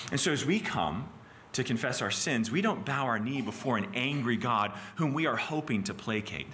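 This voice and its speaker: A man's voice: medium pitch, expressive, normal speed, bright, forceful tone. A male pastor preaching a sermon in a church, earnest and emphatic, pressing his points with rhetorical questions.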